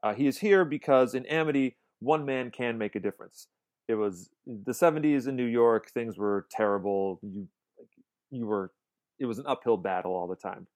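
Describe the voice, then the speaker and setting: A man's voice: lowish voice, a little fast, a little mellow. A man co-hosting a casual film podcast, enthusiastic and rambling, restarting his sentences often. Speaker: podcast co-host.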